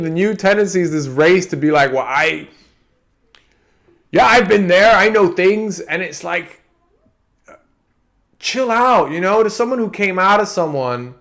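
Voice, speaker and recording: A man from Antigua with an American-tinged accent, talking through his ideas in a meandering, reflective podcast monologue. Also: fairly high pitch. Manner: meandering, restarts often. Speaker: podcast host.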